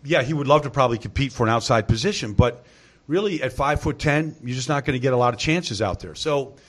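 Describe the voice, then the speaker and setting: A man's voice: medium pitch, animated, fast, a bit bright. A man talking through football tactics in a casual sports discussion, explaining at length and leaning on "I mean" as he goes. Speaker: football analyst.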